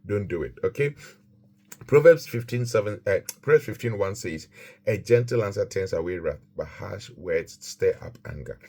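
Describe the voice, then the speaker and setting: A man's voice: low voice, lively intonation, moderate pace, darkish tone. A man teaching a Christian lesson on marriage, emphatic and repetitive, quoting scripture as he preaches.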